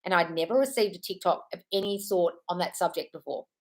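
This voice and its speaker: A woman's voice: fairly low pitch, quick pace. A woman in her thirties hosting a casual live stream from home, answering viewer comments in a chatty, reassuring way, calling people darling and swearing now and then. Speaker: manifestation coach hosting a live Q&A.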